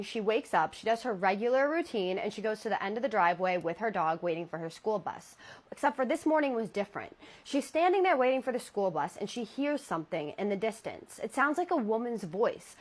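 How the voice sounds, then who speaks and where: A woman casually retelling true scary stories to her viewers in a chatty, conversational way, leaning on "she's like.". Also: medium pitch. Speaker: horror story narrator.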